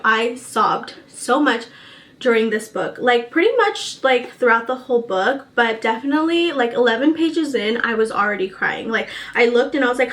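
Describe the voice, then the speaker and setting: A woman's voice: on the high side, fairly bright tone. A young woman casually chatting about books she read, emotional and gushing, full of fillers. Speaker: book vlogger. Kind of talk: casual book review chat.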